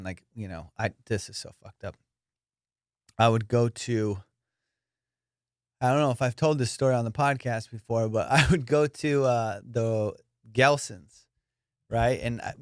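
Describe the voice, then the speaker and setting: Animated swearing comedian telling stories. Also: male voice, no echo, studio quality. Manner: animated, swearing, jumps into high squeaky voices for quotes. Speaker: comedian podcast host. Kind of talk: casual storytelling.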